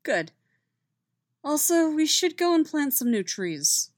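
A woman's voice: high-pitched, big pitch swings, slow pace, no room sound, clean studio sound, voice pushed up, heavily acted. A woman voicing a playful, teasing adult woman with a wry manner.

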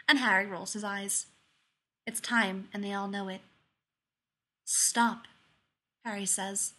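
Female audiobook narrator with a slightly high voice, reads fiction with measured, expressive delivery. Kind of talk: dramatic fiction reading.

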